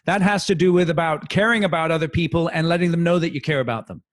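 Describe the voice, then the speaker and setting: A male podcast host with a slightly high voice. He keeps the conversation casual and asks follow-up questions. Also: quick pace. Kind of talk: interview.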